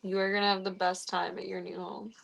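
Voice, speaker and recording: A woman's voice: medium pitch, flat delivery, brisk, creaky, fairly bright tone, lo-fi sound. A woman live-streaming, talking casually to her viewers and cooing baby-talk at a foster cat. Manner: coos and baby-talks to the cat between chatty asides.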